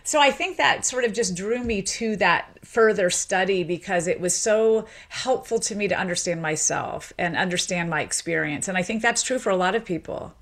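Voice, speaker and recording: A sociolinguist from Memphis, raised in Tennessee, gives long, lively explanatory answers as an interview guest, full of fillers. Her medium-pitched voice moves at a normal speed with few pauses.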